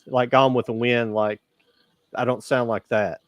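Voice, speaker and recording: A man's voice: mid-range voice, flat delivery, a little slow, no room sound, highs cut off. Country kentucky guy, blunt and plain, dry close mic. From rural Kentucky. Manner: plain-spoken, blunt opinions. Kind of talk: casual movie chat.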